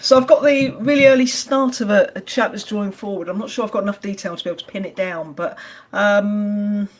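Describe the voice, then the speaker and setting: A woman giving a mediumship reading, speaking tentatively with many pauses and restarts. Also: mid-range voice.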